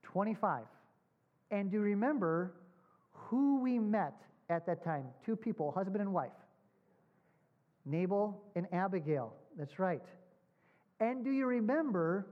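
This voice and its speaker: A man preaching a sermon. He asks his congregation questions, repeats points with emphasis and slows down on key words. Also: sits high. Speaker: pastor. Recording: dull lo-fi sound.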